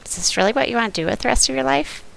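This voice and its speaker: A woman's voice: a little high, racing, vocal fry, fairly bright tone. A woman playing a tabletop game, coaxing another character in an earnest, persuasive way. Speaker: player.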